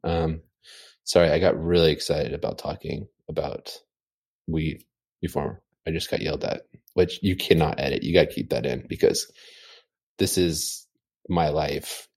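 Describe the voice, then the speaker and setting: A man chatting casually from home, telling an animated, rambling story full of fillers. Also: rumbling low, normal speed, slightly rough. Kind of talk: casual chat.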